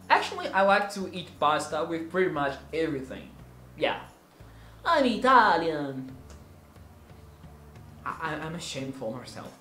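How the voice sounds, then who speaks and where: A man's voice: sits high, fairly bright tone, echoey room. A man in his twenties from Brazil with a Brazilian Portuguese accent, Portuguese his first language, joking and teasing through a casual question-and-answer vlog. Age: 20s. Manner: playful, joking, theatrical. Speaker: vlogger.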